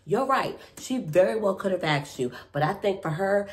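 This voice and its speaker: A woman casually recapping and reacting to a reality TV episode, slangy, chatty and expressive. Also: fairly low pitch, fairly quick, hardly any pauses.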